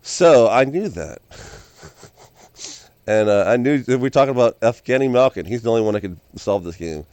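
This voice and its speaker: A man talking in a rambling, excitable monologue, repeating and restarting his phrases and now and then bursting into loud yells. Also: mid-range voice, moderate pace, pauses often, clean tone, no room sound. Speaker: video host.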